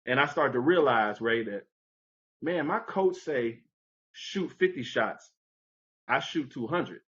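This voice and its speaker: A man's voice: expressive, a little slow, fairly bright tone, dull audio. A man telling a story from his youth as a guest in a conversation, acting out what people said with big jumps in his voice. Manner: acts out quoted voices with big pitch jumps. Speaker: podcast guest. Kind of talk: animated storytelling.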